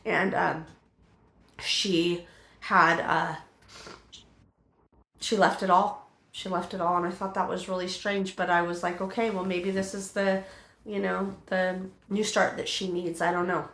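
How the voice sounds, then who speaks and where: A middle-aged woman telling her personal testimony in an interview, halting, with many fillers and restarts. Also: lowish voice, level tone, fairly bright tone, echoey room.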